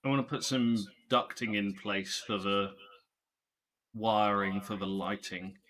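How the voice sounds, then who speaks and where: A man's voice: lowish voice, fairly even intonation, measured pace, a bit bright, a little hiss or hum, poor audio. A man co-hosting a live quiz, chatting in a nerdy, dry, joking way. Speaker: quiz co-host. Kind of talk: casual quiz livestream chat.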